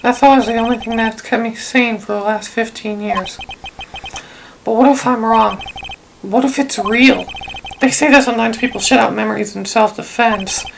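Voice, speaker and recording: A woman voicing a troubled young male prosecutor who speaks gravely and quietly, with game music behind. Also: a little high, steady tone, moderate pace, background noise. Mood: haunted.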